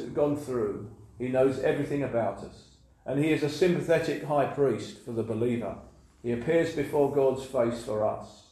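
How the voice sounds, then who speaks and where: A man's voice: mid-range voice, warm tone. Earnest male preacher in echoey hall. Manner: earnest, repeats phrases for emphasis. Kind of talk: sermon. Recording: very echoey room.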